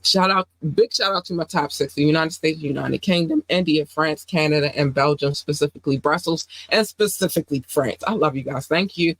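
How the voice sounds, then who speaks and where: A woman hosts a casual livestream podcast, sounding under the weather and lower in energy than usual. She talks in an affectionate, rambling way, full of "um"s. The close, dry recording has no room sound. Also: brisk, few pauses, dry recording, low-quality recording. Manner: affectionate, rambling, with many fillers. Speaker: podcast host.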